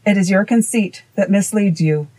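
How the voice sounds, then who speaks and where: A woman reading voicing an ancient, wise male master of the forest, grave and deliberate. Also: mid-range voice, mellow, lightly acted, low-quality recording. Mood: stern.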